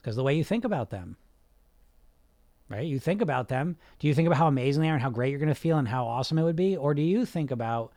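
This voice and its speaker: A man's voice: mid-range voice, animated, fast, dark tone, no room sound. A man coaching a group on weight loss, blunt and emphatic, sometimes swearing, who keeps asking rhetorical questions.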